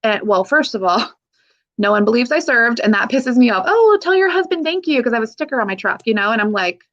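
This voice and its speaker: A woman's voice: mid-range voice, brisk, a bit bright, highs cut off. A woman in her thirties from the Pacific Northwest, an army veteran guest speaking frankly and emotionally in a podcast interview, swearing casually and laughing often. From Pacific Northwest, USA. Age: 30s.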